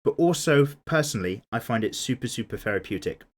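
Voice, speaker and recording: A man's voice: mid-range voice, lively intonation, fast. A man, chatting casually while drawing and answering viewer comments in a laid-back, playfully indignant way. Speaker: art YouTuber.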